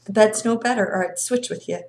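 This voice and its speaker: Woman doing a gruff, kindly old country man. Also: medium pitch, brisk, darkish tone, lightly acted. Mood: gentle. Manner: gruff, hesitant, folksy speech.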